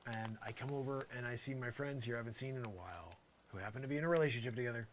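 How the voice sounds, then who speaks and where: A man's voice: medium pitch, rapid-fire, few pauses, noisy background. A man doing an improvised comedy monologue in character, rambling and exasperated, full of "you know" asides.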